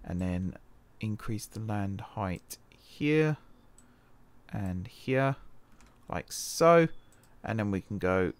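A man's voice: lowish voice, animated, very slow, dry recording. A man from the UK giving casual, thinking-aloud commentary while playing a computer game, often changing his mind and correcting himself. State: wrist pain. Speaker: game let's-play host.

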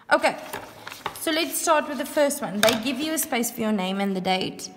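Woman teacher, patient and clear, sounding out words for kids; long room echo on the recording. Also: a little high, lively intonation, noisy background. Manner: patient, repeats and spells words out slowly. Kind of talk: online grammar lesson for young pupils. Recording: echoey room with long reverb.

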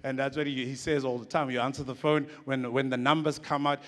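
A man's voice: mid-range voice, flat delivery, brisk, in a large hall. A man in his forties, a comedian giving a rambling, casual storytelling talk on stage. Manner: casual, rambling, lots of restarts and "like".

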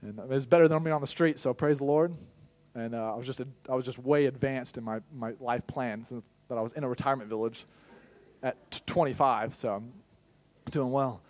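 A young man giving a personal testimony sermon as a pastor in a church, telling his story candidly with sudden loud bursts. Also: medium pitch, brisk.

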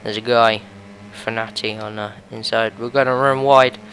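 A young man giving excitable play-by-play commentary on a racing game, his voice going a bit hoarse. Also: on the low side, normal speed, slight background noise. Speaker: gaming video host.

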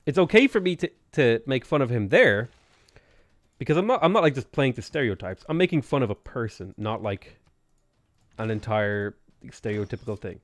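A man's voice: mid-range voice, lively intonation, moderate pace, no echo. A man chatting casually and jokingly as he livestreams a strategy game, rambling from topic to topic. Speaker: gaming streamer.

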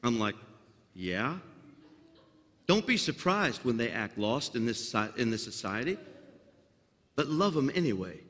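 A man preaching a sermon as senior pastor in a church sanctuary, building to loud, fervent climaxes with folksy asides and a slight Southern drawl. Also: mid-range voice, big pitch swings, moderate pace, slightly rough. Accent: Southern US drawl slipping in. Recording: long hall reverb of a sanctuary.

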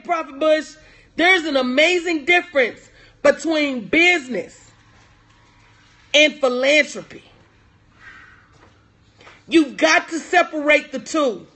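A woman's voice: high voice, a bit bright. A middle-aged woman business coach talking to viewers on a livestream, preachy and emphatic, repeating her key lines and greeting people by name. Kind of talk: motivational livestream talk.

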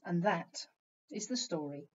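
A woman's voice: fairly low pitch, animated, measured pace, darkish tone, dull audio, a little hiss or hum. A woman teacher reading a picture book aloud to young children, telling the story expressively and pointing out the pictures as she goes.

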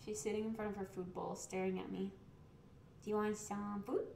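A woman's voice: mid-range voice, flat delivery, a little fast, gravelly, mellow. A young woman streamer chatting casually and rambling while she cooks, with the mic set away from her in a home kitchen. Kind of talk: casual chat. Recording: roomy echo, faint background hiss.

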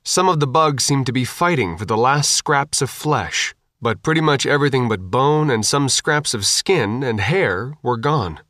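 In an even, measured storytelling voice, a man narrates an audiobook. His voice sits in the mid-range, and the studio-quality recording has no room sound.

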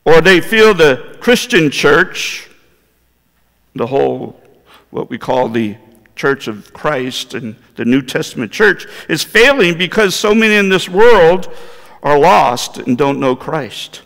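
A man's voice: on the high side, sing-song, takes it slowly, gravelly, fairly bright tone. A male pastor preaching a sermon in a church, in a conversational manner that puts questions to the congregation. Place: church sanctuary. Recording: long hall reverb in a church.

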